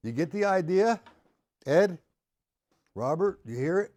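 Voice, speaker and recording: A man teaching a live-streamed drum lesson, patiently explaining and counting rhythms out loud, with faint drumming behind him. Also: on the high side, expressive, a little fast, long pauses, loud music behind the voice.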